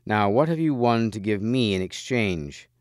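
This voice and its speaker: A man reading the part of a jovial lord of a castle, who speaks heartily and a little louder. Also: lowish voice, animated, normal speed, dry recording, studio quality, lightly acted. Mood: hearty. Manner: hearty, boisterous, a bit louder.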